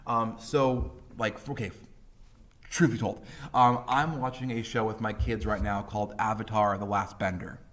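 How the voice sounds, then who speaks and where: A man in his thirties gives a loose, chatty English lesson. His voice sits fairly low, and he drops into quick voices when quoting people. His talk is full of ums and likes. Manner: casual and animated, with many fillers and voiced quotes. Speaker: high school English teacher. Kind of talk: classroom lecture.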